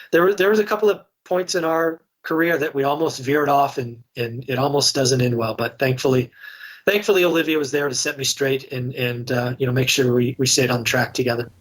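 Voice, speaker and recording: Middle-aged man, slightly breathy voice, frank and chatty interview guest. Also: mid-range voice, fairly bright tone. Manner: candid, conversational, many restarts. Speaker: real estate investor and guest. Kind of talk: casual podcast interview storytelling.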